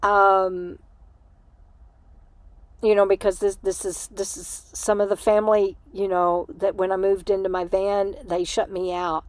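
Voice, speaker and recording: Woman, livestream host, tired, reflective, halting, casual chat, dry sound. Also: mid-range voice, flat delivery, no echo. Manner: reflective, halting, laughs often.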